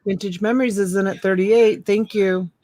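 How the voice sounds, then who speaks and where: A woman's voice: mid-range voice, steady tone, moderate pace, warm tone, dry recording. A woman hosting a live online reselling auction, chatting casually and greeting viewers by name with endearments like honey and sweetheart. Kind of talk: casual live-stream selling banter. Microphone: USB desk mic.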